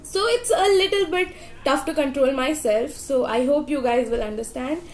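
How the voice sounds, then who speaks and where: A young woman gushes through a casual reaction vlog in a high voice, stacking repeated words for emphasis. Her voice is slightly rough from the early morning, and the recording sits in an echoey room. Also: moderate pace, slight background noise. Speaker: YouTube reaction host.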